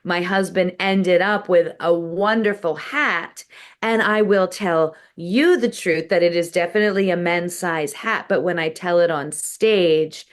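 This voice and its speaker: A woman's voice: on the low side, measured pace. A woman comedian from the United States, telling stories as a guest in a casual interview. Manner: storytelling, animated.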